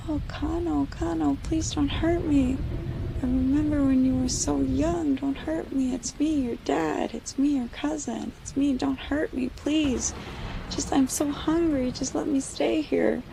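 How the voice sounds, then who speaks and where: A swarm of hungry mosquitoes whimpers and begs in a thin, high voice, as a woman puts it on. The pleading sound is piercing and creepy, told over a noisy home recording. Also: fairly even intonation, unhurried, gravelly, heavily acted.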